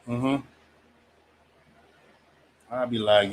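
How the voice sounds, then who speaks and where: Dude running a late night stream, cussing, laughing, chill mid voice. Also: male voice, medium pitch, animated, normal speed, long pauses, fairly bright tone. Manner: loose, profane, laughing often, mimics others in raised voice. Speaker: livestream host. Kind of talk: casual livestream chat.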